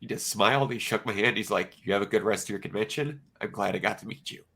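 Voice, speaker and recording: A man co-hosting a podcast, telling a personal story in casual chat with emotional, animated storytelling. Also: lowish voice, fast talker, gravelly. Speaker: podcast co-host.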